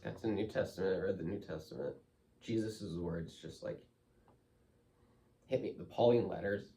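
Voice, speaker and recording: A man's voice: sits low, normal speed, warm tone, far from the mic. A man speaking as a guest in an interview, telling his story candidly and emotionally, loose with fillers like "like" and "you know".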